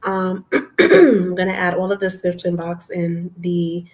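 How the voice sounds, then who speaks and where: A woman hosting a live stream, reading affirmations aloud slowly and softly and adding encouraging asides to viewers, with a lilt. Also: fairly low pitch, steady tone, low-quality recording. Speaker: livestream host reading affirmations. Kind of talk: casual live stream chat.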